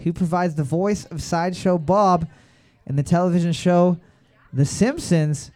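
A man's voice: high voice, measured pace, darkish tone. A man hosting a trivia night, reading each question twice and riffing with crude jokes between answers. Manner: reads questions twice, riffs with joking crude asides. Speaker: trivia quizmaster.

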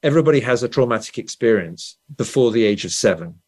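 A man's voice: medium pitch, lively intonation, quick pace, darkish tone. A man from England with a standard Southern English accent, an author being interviewed, explaining ideas and checking in with "right?" as he goes. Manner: explanatory, frequent "right?" tags and restarts. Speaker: author and guest. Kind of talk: conversational interview.

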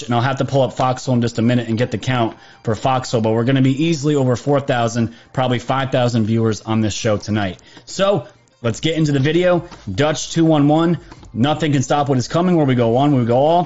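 A man's voice: medium pitch, a little mellow, dull audio. Chatty male livestream host. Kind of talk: live political commentary stream.

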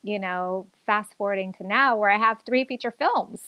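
An actress and acting teacher chats upbeat and enthusiastic in a casual interview, using plenty of fillers. Her voice is medium-pitched at a moderate pace, recorded lo-fi with no room sound.

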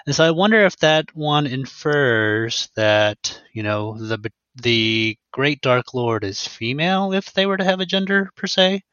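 A man's voice: mid-range voice, a little slow, hardly any pauses, bright, forceful tone, clear, resonant tone, no echo. A man thinking aloud on a casual book podcast, musing over theories. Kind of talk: casual book-club chat. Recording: dry, dull lo-fi sound.

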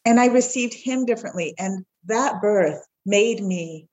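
A woman's voice: mid-range voice, unhurried, darkish tone, dull audio. A woman guest on a podcast, telling a heartfelt personal story and acting out the voices of the people in it. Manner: heartfelt, acts out the quoted voices.

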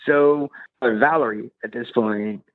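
A man's voice: mid-range voice, measured pace, no echo. A man casually telling a long, rambling anecdote, laughing often and acting out the voices of other people. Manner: animated, laughs often, acts out quoted voices. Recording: tinny phone-like sound.

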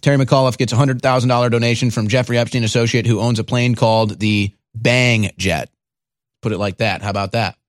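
A man's voice: mid-range voice, steady tone, fairly quick, no room sound, studio quality. A man hosting a political talk show, sarcastic and scornful, often stammering into restarts. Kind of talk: casual political commentary.

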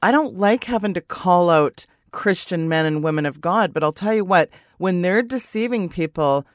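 Female radio co-host, indignant and blunt, lower voice, dry close recording. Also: animated, moderate pace, dry recording. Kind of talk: conservative Christian radio talk.

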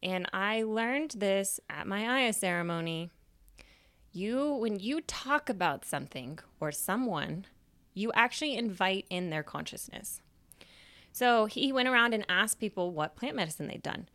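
A young adult woman and podcast host telling a personal story in a casual, animated way, swearing freely and acting out her own past remarks. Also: medium pitch, measured pace, no room sound.

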